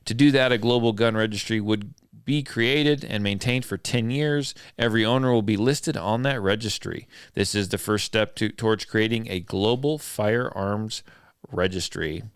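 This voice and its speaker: A man's voice: on the low side, normal speed, clear, resonant tone, no echo, studio quality. A man hosting a podcast in casual chat, loose and joking about himself. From southern Idaho. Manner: loose, joking, self-deprecating. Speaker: podcast host.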